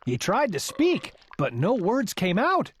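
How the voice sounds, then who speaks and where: A woman reading a children's picture book aloud in a lively, expressive storytelling manner. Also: mid-range voice, unhurried, a little hiss or hum. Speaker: storybook reader.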